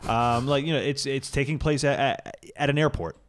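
A man's voice: mid-range voice, normal speed. A man co-hosting a casual podcast chat, rambling and casually swearing as he reviews a sitcom. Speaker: podcast co-host.

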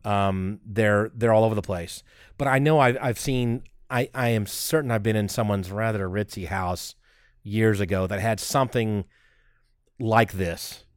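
A man co-hosting a podcast, chatting casually and excitedly, rambling and restarting his sentences. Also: on the low side, measured pace, no room sound, clean studio sound. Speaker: podcast co-host.

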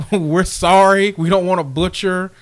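A laid-back man, trading teasing jokes as a sports podcast co-host. His voice sits somewhat high for a man. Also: fairly even intonation, a little slow. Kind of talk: casual sports chat.

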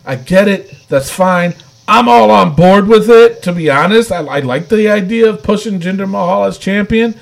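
A man's voice: sits high, animated, normal speed, vocal fry, few pauses. A man co-hosting a casual wrestling chat, opinionated and emphatic, hammering his points. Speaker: wrestling podcast co-host.

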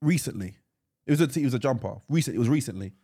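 A man, co-hosting a casual podcast chat and telling animated stories, often stammering and restarting his sentences. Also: mid-range voice, very fast, slightly rough. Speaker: podcast co-host.

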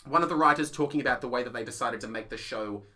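A man co-hosting a casual theatre chat, animated and quick to laugh and act out quotes. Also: medium pitch. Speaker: podcast co-host; playwright.

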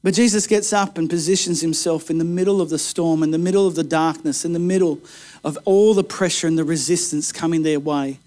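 High-voiced male pastor preaching intensely. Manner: dramatic, swings between quiet intensity and rising emphasis. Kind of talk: sermon.

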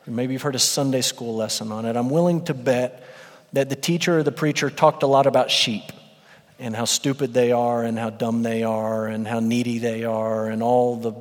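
A man in his thirties preaching a sermon to his church, earnest and building to emphatic peaks. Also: mid-range voice. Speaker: pastor. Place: church sanctuary. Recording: long hall reverb.

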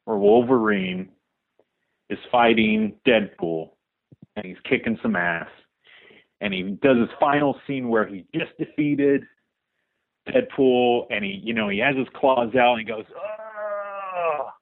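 A young man leaving a voicemail for a podcast, telling a story in an animated way. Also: medium pitch, measured pace, creaky. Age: young adult. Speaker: caller. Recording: tinny phone line.

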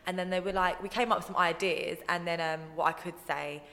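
In a low-leaning, brisk voice, a young woman chats casually as a guest, recounting stories and quoting people in lively impressions. The recording sounds roomy, with a long reverb tail.

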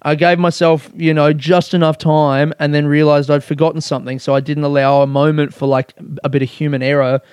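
A man chats on his own podcast in a slightly high voice. He rambles and mocks himself, swearing freely. The recording is dry and close to the mic. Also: little pitch movement, brisk, a little mellow, smooth, dry recording. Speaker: podcast host. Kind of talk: casual solo podcast chat.

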